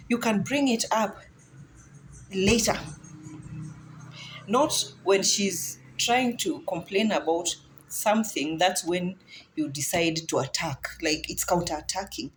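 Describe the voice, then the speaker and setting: A woman's voice: mid-range voice, slight background noise. A woman talking straight to her audience in a casual monologue, earnest and direct, repeating her points for emphasis. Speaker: relationship commentator. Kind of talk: casual opinion monologue to camera.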